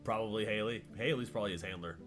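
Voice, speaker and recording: A man's voice: on the low side, fast talker, music in the background. A man chatting casually on a stream in a laid-back way, swearing and laughing a lot. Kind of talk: casual reaction chat.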